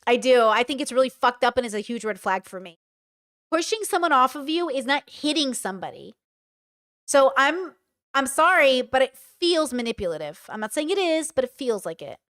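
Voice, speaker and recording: A young woman streaming her reactions for chat, her voice sitting high. She talks bluntly and animatedly and swears freely. The delivery stays casual and unscripted. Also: big pitch swings, normal speed, fairly bright tone. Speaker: commentary streamer. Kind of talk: live stream reaction commentary.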